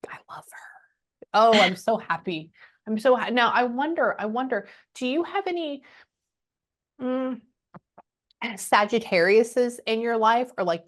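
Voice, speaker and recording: A middle-aged woman working as a spiritual medium, giving a casual reading on a video call, animated and chatty, acting out what she hears and dropping to murmurs. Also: mid-range voice. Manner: animated, acts out spirit dialogue, drops to murmurs; swearing, chatty, laughs often.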